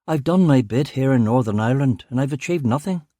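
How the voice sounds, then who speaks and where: A man voicing a weary detective inspector in his late thirties, in his own mellow voice. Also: medium pitch, animated, fairly quick, no room sound, clean studio sound, lightly acted. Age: 30s.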